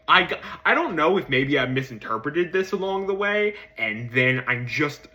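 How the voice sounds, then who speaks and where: A man giving a casual spoken film review, hesitant with many ums and restarts, swearing casually and jumping into excited emphasis. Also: moderate pace, few pauses. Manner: jumps to excited high-pitched emphasis.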